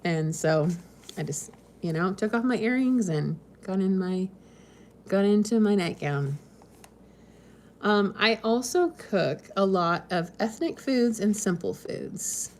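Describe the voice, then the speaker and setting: A woman's voice: medium pitch, expressive, slow pace, a little mellow, a little hiss or hum. A woman from the West Coast hosting a casual live stream, chatting and reading viewer comments in a meandering way with frequent ums and small laughs. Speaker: homesteading channel host.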